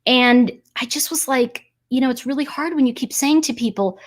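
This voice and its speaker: A woman's voice: a little high, brisk, hardly any pauses. A woman hosting a live stream, speaking casually and emphatically while reading viewer comments and giving spiritual, energy-focused advice. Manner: animated and emphatic, acts out quoted voices.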